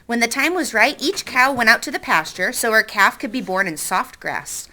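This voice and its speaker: A woman teacher reads a novel aloud to her class in an expressive way, stopping to ask the students questions. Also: on the high side, normal speed, slight background noise. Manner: expressive, stops to quiz the class.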